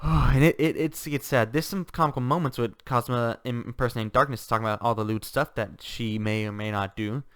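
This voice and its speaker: A man's voice: mid-range voice, fairly even intonation, fairly quick, hardly any pauses, clear, resonant tone, no echo, studio quality. A man giving a casual, enthusiastic book review, rambling with restarts and laughter.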